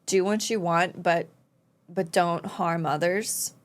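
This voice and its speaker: A woman's voice: on the low side, steady tone, slow, soft background music. A woman hosting an anime reaction video, talking earnestly and emotionally about an episode, with sighs and exclamations. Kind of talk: casual reaction commentary.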